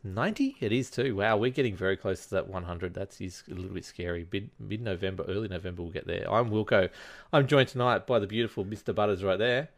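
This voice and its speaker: A man's voice: lowish voice, fast talker, hardly any pauses. A man hosting a podcast, chatty and teasing as he checks in with each of his co-hosts. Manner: chatty, teasing, asks everyone in turn. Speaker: podcast host. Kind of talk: casual podcast chat.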